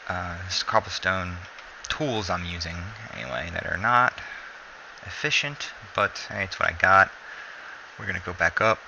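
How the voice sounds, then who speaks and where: Sleepy male gameplay commentator, low and gravelly, meandering and self-correcting. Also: normal speed, dull audio, background noise. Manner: rambling, self-correcting, relaxed. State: sleepy, yawning.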